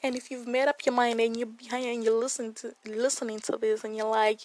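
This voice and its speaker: A woman's voice: on the high side, little pitch movement, a little fast, hardly any pauses, darkish tone, no echo, poor audio. Earnest young woman sharing devotion. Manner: earnest, repeating phrases for emphasis. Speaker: Bible devotional speaker. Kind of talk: devotional Bible reflection.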